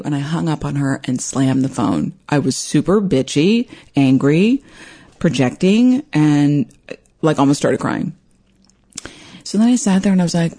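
Animated woman telling a personal story. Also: low-pitched, normal speed. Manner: animated, acts out quoted voices. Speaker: podcast host.

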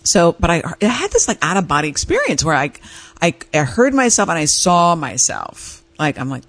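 A woman's voice: low voice, moderate pace, no room sound. Candid woman host, dry close sound. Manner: candid, animated storytelling with laughs. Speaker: advice show host. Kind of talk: casual talk-show monologue.

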